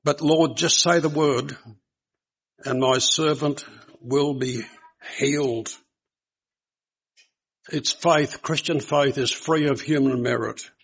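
A man's voice: a little high, steady tone, takes it slowly, creaky, long pauses, breathy edge, low-quality recording. A man preaching a sermon to a congregation, speaking earnestly and putting rhetorical questions to his listeners.

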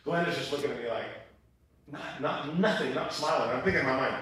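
Bright-voiced pastor in an echoey hall. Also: male voice, medium pitch, fairly quick. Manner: animated, humorous storytelling. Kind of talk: sermon. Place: church auditorium. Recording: echoey church hall from far off.

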